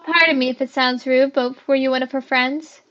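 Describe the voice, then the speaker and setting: Girl gamer, high voice, reading aloud gently on a dull lo-fi recording. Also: steady tone, fairly quick. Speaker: video game player. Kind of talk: reading a visual novel aloud.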